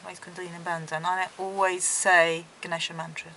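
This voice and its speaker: A middle-aged woman, interviewed, recounting her dreams in a gentle, earnest way. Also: fairly low pitch, level tone, a little fast, a little hiss or hum, low-quality recording. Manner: gentle, earnest storytelling with soft laughs.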